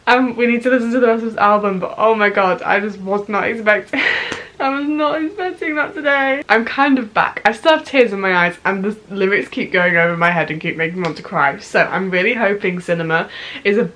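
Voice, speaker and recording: A woman's voice: fairly high pitch, a little fast, fairly bright tone, low-quality recording. A young woman reacting to an album at home late at night, gushing and giggly, saying "literally" constantly. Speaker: music reaction vlogger. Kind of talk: casual first-listen album reaction.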